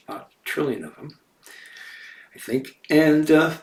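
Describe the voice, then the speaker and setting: A man's voice: fairly high pitch, lively intonation, unhurried, pauses often, a little mellow, reverberant, recorded from a distance, low-quality recording. A man hosting a casual monologue, meandering and often correcting himself. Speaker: host. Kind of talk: casual talk to camera.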